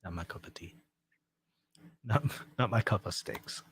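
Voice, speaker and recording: A man's voice: deep voice, a little slow, a bit bright, a little hiss or hum. Laid-back man chatting on a livestream. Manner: laid-back and self-mocking, laughs often. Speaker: livestream host reading chat. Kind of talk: casual chat.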